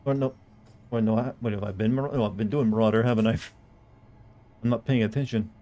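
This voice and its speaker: A man's voice: on the low side, steady tone, brisk, mellow. A man streaming a video game live, rambling casually with jokes and swearing. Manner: rambling, profane and joking. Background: faint game music.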